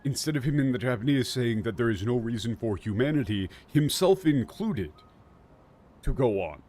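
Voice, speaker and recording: A man's voice: mid-range voice, animated, normal speed, darkish tone. A man giving casual, sarcastic commentary on a game's story, swearing and laughing often. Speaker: streamer.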